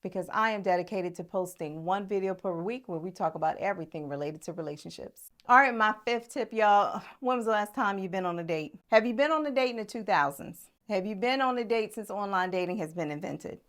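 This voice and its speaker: A middle-aged woman coaching her viewers in a motivational vlog. Her voice sits at a medium pitch. She talks in an emphatic, preachy way, with blunt folksy humor, and keeps calling her audience "y'all.". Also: brisk, hardly any pauses, a bit bright. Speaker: relationship coach.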